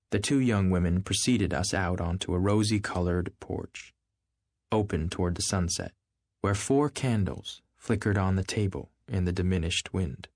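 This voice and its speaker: A man narrating a classic novel as an audiobook in a measured, even manner. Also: deep voice, no room sound. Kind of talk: scripted literary narration.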